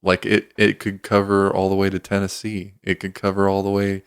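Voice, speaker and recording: A man, co-hosting a casual podcast, speaking slowly and haltingly. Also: low-pitched, monotone, smooth, no room sound, studio quality. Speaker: podcast co-host.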